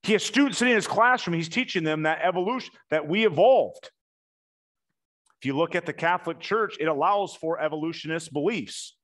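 Animated man preaching a sermon. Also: fairly high pitch. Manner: animated storytelling, acts out quotes, emphatic slow punchlines.

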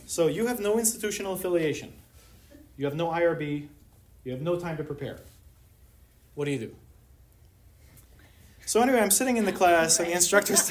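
Wry lecturer. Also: mid-range voice. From Pittsburgh, USA. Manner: wry, humorous, rhetorical questions. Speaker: anthropology lecturer. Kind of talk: academic colloquium talk. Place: university lecture room.

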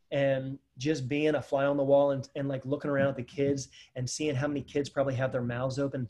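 A man's voice: a little high, darkish tone. A man, a dentist, hosting a casual webinar Q&A, talking energetically and rambling straight to viewers.

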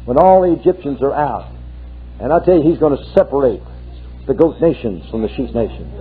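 A man's voice: medium pitch, animated, a little fast, breathy edge. A man preaching a fervent sermon, breaking in with hallelujahs as he retells a scripture story. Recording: tinny lo-fi archive sermon tape.

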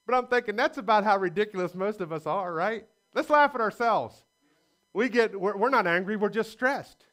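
A man's voice: high-pitched, normal speed, a bit bright. A man preaching a sermon as pastor in a church, in a folksy style with stories and laughs. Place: church sanctuary.

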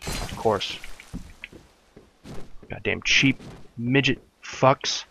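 A man's voice: medium pitch, unhurried, long pauses, a bit bright, slight background noise. A young adult man giving frustrated gameplay commentary from his room at home, cursing and muttering in exasperation at the game. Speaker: let's play commentator.

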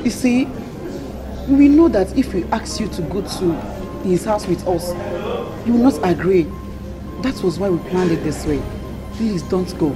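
A woman's voice: medium pitch, expressive, measured pace, long pauses, music in the background, natural voice, rough recording. An actress with a Nigerian accent playing an anxious friend pleading with a woman not to leave in a Nollywood film. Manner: pleading, apologetic.

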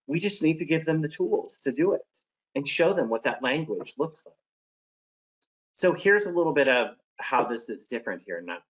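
A man's voice: mid-range voice, expressive, moderate pace, muffled recording. A man who is a teacher presents classroom strategies in a friendly, practical way and demonstrates examples by acting them out.

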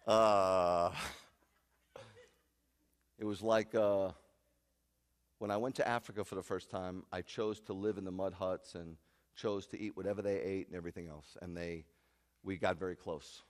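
A man's voice: deep voice, fairly even intonation, a little slow, long pauses. A man, a rabbi, preaching a sermon in an emphatic, joking way, recorded in a sanctuary with long reverb. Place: congregation sanctuary.

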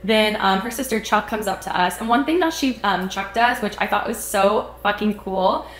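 A young woman co-hosting a podcast, telling a story in animated casual chat with lots of fillers, acting out what people said. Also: medium pitch, normal speed, echoey room. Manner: animated storytelling, acts out quotes, many fillers. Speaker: podcast co-host.

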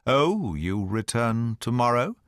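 Man voicing a commanding sharp detective, lively swooping intonation, crisp urgent delivery, dry close sound. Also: medium pitch, slow, no room sound. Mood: cool. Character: sharp-minded male detective, brisk and commanding. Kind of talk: audiobook dialogue reading.

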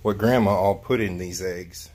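A man's voice: low-pitched, normal speed, darkish tone. A middle-aged man vlogging casually at home, chatty and wry, cracking jokes as he goes. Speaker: family vlogger. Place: indoors at home.

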